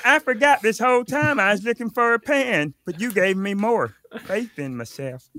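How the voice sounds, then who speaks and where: A man's voice: high-pitched, expressive, normal speed, bright, forceful tone, no echo. A man doing improv comedy as a flustered, eager restaurant worker who stammers.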